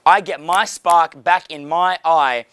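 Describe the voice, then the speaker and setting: A man's voice: fairly high pitch, slow, a bit bright, clean tone, dry recording. A young man coaching a small group in a casual way, blunt and profane, with frequent fillers. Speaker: dating coach.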